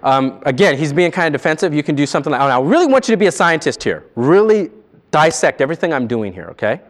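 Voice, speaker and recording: A man training salespeople in a live seminar, animated and quizzing his audience. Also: a little high, fast talker.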